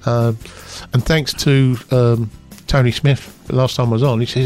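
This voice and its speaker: Guy co-hosting a chat show, gravelly voice, rambles on, bit of music underneath. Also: mid-range voice, fairly even intonation, normal speed, darkish tone. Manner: chatty, rambling with fillers. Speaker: co-host. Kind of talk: casual chat.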